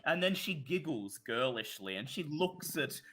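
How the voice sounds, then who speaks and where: Animated man running a tabletop horror game. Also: fairly high pitch, a little slow, slight background noise. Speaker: game master.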